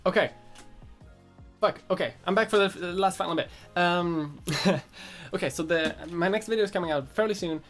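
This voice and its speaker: A woman's voice: lowish voice, moderate pace, faint music behind. A woman from Sweden with a light Swedish accent, a streamer chatting casually, reading viewers' comments aloud and answering them offhand, with casual swearing. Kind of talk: casual livestream chat.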